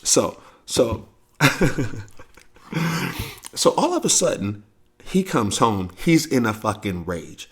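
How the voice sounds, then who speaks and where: A podcast host from St. Louis, USA, tells a family story loosely and profanely, acting out the voices of the people he quotes. His mid-range voice is slightly rough, very animated and unhurried.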